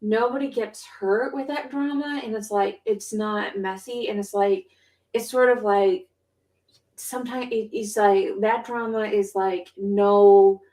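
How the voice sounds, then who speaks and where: A woman co-hosting a podcast in casual chat, telling stories in a rambling, excitable way full of fillers. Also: mid-range voice, measured pace. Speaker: podcast co-host. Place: home.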